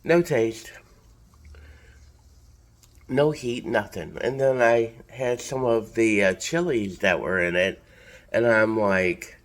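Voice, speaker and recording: Slow-talking congested man telling a story. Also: lowish voice. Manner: chatty, recounts conversations as he tells them. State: congested, sick with a cold. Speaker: vlogger. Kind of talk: casual storytelling.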